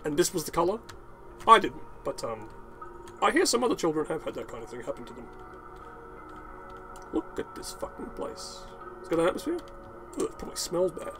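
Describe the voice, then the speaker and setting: A man talks over his own gameplay in a loose, unedited ramble, swearing freely and drifting into rants. His voice sits a little high for a man. Faint music plays underneath. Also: big pitch swings, fairly quick, pauses often, a bit bright. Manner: rambling, profane, ranting with laughs. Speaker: gaming channel host.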